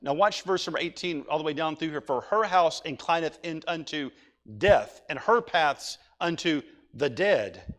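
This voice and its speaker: Male pastor, high-pitched tenor, reads scripture and preaches with building urgency. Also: animated, moderate pace, fairly bright tone. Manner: reads scripture aloud then preaches, rising to urgent pleading. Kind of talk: sermon.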